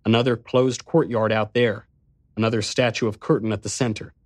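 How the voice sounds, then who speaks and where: A man reading a first-person suspense story aloud, tense and measured. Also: fairly low pitch, flat delivery, no room sound. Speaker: narrator. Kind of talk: first-person audiobook narration.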